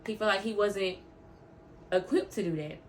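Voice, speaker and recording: A woman's voice: medium pitch, normal speed, slight background noise. A woman vlogger talking casually about faith, heartfelt and openly emotional, rambling and repeating words for emphasis. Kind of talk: casual faith vlog talk.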